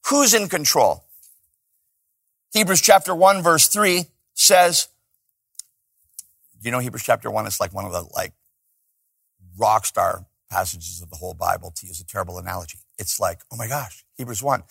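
Forceful preacher, dry close sound. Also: male voice, fairly low pitch, moderate pace, gravelly, pauses often, husky, no room sound. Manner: dynamic preaching, swinging between loud emphatic peaks and hushed asides. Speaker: pastor. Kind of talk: sermon.

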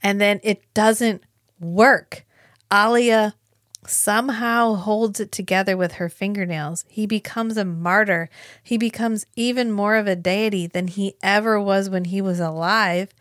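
Podcast host, woman, animated and profane, dry close recording. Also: mid-range voice, no echo. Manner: animated, swearing, quick asides. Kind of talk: casual book discussion.

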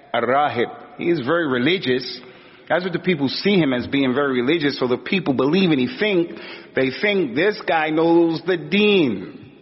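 A man preaching a sermon in a casual, colloquial storytelling way, acting out quotes with a rising voice. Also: fairly high pitch. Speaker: Islamic preacher. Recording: dull lo-fi audio with long hall reverb.

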